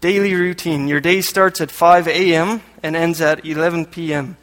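Guy from canada preaching a sermon, kinda high voice, cracks little jokes between reading bits, church hall with a long echo. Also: fairly even intonation, normal speed, a bit bright. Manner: joking asides between read passages. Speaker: lay preacher. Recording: echoey hall with long reverb.

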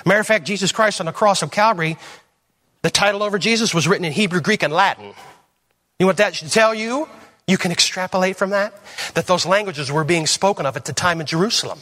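A man preaching a teaching sermon in a church, firing off rhetorical questions, rising to loud emphasis and dropping to low asides. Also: brisk.

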